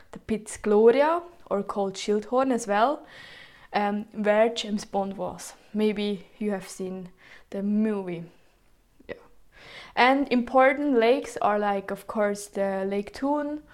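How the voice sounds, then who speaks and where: Slow-speaking Swiss woman presenting. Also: mid-range voice, darkish tone. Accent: Swiss German. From Switzerland. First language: Swiss German. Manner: hesitant, with many ums and self-corrections. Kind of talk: informal presentation.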